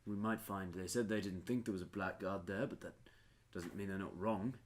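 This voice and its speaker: A man's voice: low-pitched, steady tone, moderate pace, slight background noise. A man in a tabletop role-play game, speaking formally and piously as a priest character. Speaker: player voicing a priest character.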